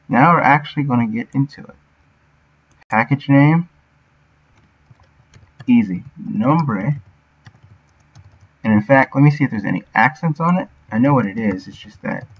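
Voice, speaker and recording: A man streaming his game development work, thinking aloud and sounding out words as he goes. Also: fairly low pitch. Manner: muttering to himself, sounding out words. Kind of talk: thinking aloud while working. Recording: dull lo-fi audio.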